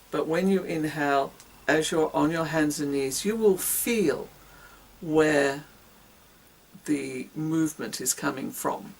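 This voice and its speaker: A woman's voice: sits low, recorded from a distance, poor audio. A woman giving a casual singing lesson, demonstrating breathing exercises with whoops, grunts and hisses. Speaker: singing teacher.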